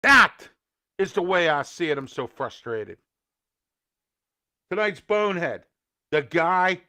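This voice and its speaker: Man, host, indignant rant, high voice, bright and tense tone. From Pittsburgh area. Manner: ranting, indignant, scolding. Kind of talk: opinion commentary show.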